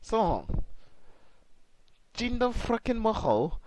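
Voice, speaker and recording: A cocky trash-talking wrestler in an attempted Scottish accent, as a young man puts him on. He boasts and swears his way through a promo, pitched above his own voice and swooping widely. The words come out slowly over a faint hiss. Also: very animated, a little mellow, exaggerated voice, low-quality recording. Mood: boastful.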